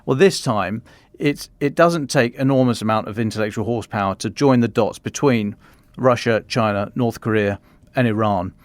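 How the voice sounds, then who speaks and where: Co-hosting a podcast, a man with a lowish voice muses aloud at normal speed in casual discussion. He thinks out loud, frequently restarting his sentences and using fillers. There's no echo.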